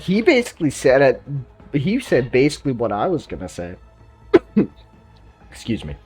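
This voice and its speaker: A man's voice: mid-range voice, huge pitch swings, normal speed, over music. A man from Canada giving blunt, swear-heavy reaction commentary, ranting casually. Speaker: reaction streamer.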